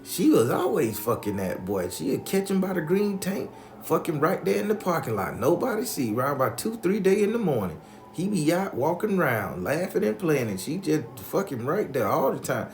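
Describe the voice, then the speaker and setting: Guy doing his old grandma, blunt and gossipy, voice pushed up high and swinging around. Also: very animated, moderate pace, a little mellow, reverberant, faint music behind. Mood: scolding. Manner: frank, gossipy, scolding. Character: blunt, knowing elderly grandmother.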